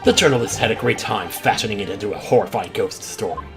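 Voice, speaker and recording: A man's voice: lowish voice, fast, creaky, music in the background. A man reading a shifty, evasive witness. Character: evasive male witness, middle-aged, nervous and shifty.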